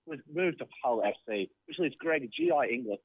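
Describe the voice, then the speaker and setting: A man's voice: fairly high pitch, expressive, fairly quick, dry recording, phone-quality sound. A man rattling off sports clichés as a mock field reporter on a comedy radio show. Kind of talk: mock sports-reporter spiel over the phone.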